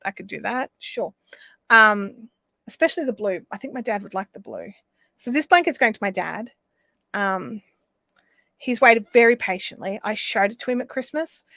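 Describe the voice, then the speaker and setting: A woman's voice: medium pitch, lively intonation, normal speed, gravelly, bright, forceful tone, no echo. An Australian woman hosting a live craft stream, chatting casually and rambling as she reads out viewer comments.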